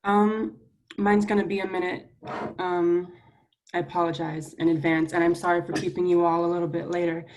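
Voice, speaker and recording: A young woman student senator giving a public apology at a meeting, earnest and halting, close to tears. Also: lowish voice, little pitch movement, a little mellow. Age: young adult. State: near tears.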